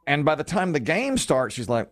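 A man co-hosting a morning radio show, telling stories in casual chat and jumping into high voices for quotes. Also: normal speed, faint music behind. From American South. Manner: animated storyteller, jumps to high voices for quotes.

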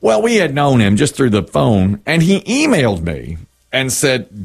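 A middle-aged man co-hosting a radio show, telling a story with animated, acted-out quotes. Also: medium pitch, measured pace, gravelly, breathy edge. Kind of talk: casual radio banter.

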